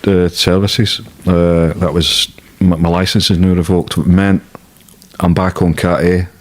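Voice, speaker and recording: A man's voice: low voice, flat delivery, unhurried. A Scottish man, a guest in an interview, telling stories in a blunt, casual way with plenty of swearing. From Scotland. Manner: blunt, swearing freely, laughing at his own stories.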